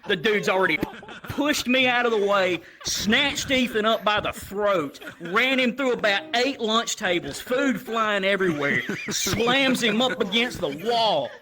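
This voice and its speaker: A man's voice: high-pitched, lively intonation, a little slow, crowd noise, rough recording. A man, telling crude, profane stories as a stand-up comedian on a livestream.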